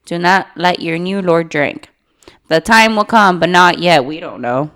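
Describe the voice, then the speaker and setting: A woman's voice: fairly low pitch, measured pace. A woman co-hosting a casual book chat, exasperated and acting out characters as she retells scenes. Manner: lively and exasperated, acts out characters. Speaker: podcast co-host.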